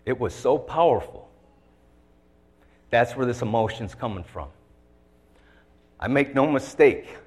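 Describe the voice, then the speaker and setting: A man's voice: medium pitch, expressive, a little slow, pauses often, darkish tone, husky, long reverb tail. A man preaching an emotional sermon, telling his story with feeling and acting out a conversation with God. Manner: heartfelt, voice shifting to act out a dialogue with God.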